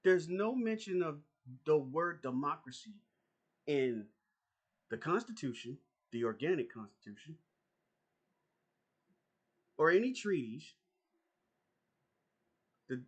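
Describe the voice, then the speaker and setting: A man's voice: a little high, husky. Profane, combative man ranting to camera. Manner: profane, confrontational, repeats himself. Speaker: YouTuber. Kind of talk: angry political rant to camera.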